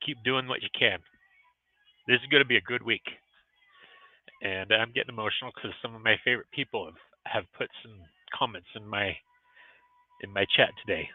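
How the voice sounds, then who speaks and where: A man's voice: on the low side, no echo. A middle-aged man hosting a motivational livestream vlog from a restaurant, talking in an earnest, encouraging way. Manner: earnest and encouraging, emotional at times. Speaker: vlogcast host. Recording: tinny phone-like audio.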